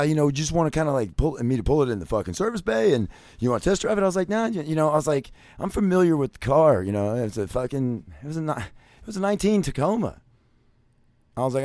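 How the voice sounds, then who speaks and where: Man, profane storytelling, constant swearing, rambling with fillers, loud bursts and low mutters, dry close sound. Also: dry recording. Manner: crude, swears constantly, many fillers like "you know". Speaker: vlogger.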